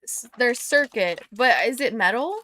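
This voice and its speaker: A woman's voice: a little high, animated, a little slow, fairly bright tone. A young American woman chatting casually on a live stream, playful and rambling as she talks to her viewers while tinkering. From United States.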